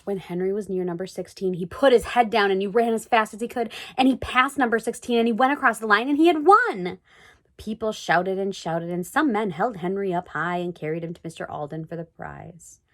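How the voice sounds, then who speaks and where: A woman reading a children's chapter book aloud in an expressive read-aloud manner. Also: mid-range voice, a little fast. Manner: expressive, sing-song read-aloud delivery. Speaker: storybook reader.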